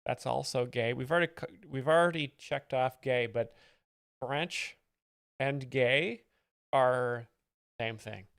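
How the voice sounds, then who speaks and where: A man's voice: mid-range voice, slow, gravelly, long pauses, a bit bright, clear, resonant tone, no echo, clean studio sound. A man hosting as a self-serious joke explainer, commenting on comedy clips in a pompous professorial manner. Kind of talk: deadpan mock-expert commentary over clips.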